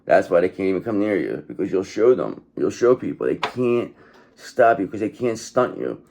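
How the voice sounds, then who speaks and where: A man's voice: low-pitched, very animated, moderate pace, vocal fry, a little mellow. A man giving a casual tarot reading, blunt and profane, who keeps checking in with "okay". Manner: blunt, profane and repetitive, often says okay. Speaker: tarot reader.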